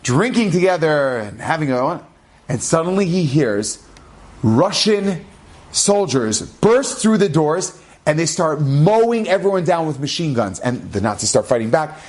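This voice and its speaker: A man, a rabbi, telling a dramatic story in an animated, expressive way. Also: fairly high pitch, measured pace. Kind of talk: storytelling talk.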